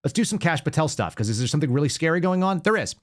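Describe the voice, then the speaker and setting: A man's voice: a little high, very animated, racing, dry recording, clean studio sound. A man hosting a political podcast, talking in a blunt, sarcastic way. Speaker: podcast host. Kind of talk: casual political commentary.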